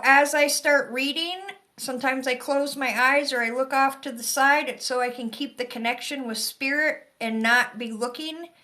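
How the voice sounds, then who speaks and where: Her high voice bright and forceful, a Yooper-accented woman from Michigan's Upper Peninsula rambles chattily through psychic readings. She's on a live stream, recorded through a phone or webcam.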